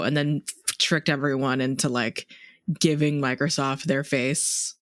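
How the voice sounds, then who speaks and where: A podcast co-host in casual chat, chiming in with quick quips and short reactions. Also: mid-range voice, little pitch movement, a bit bright, dry recording, studio quality.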